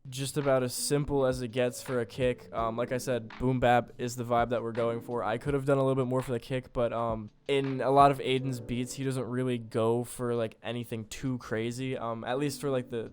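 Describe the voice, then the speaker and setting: A man's voice: medium pitch, flat delivery, brisk, hardly any pauses, a little mellow, faint music behind. A young man casually talking through how he built a beat, loose and full of fillers, poking fun at himself. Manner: loose, filler-heavy, self-deprecating. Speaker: beat producer. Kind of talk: casual tutorial narration.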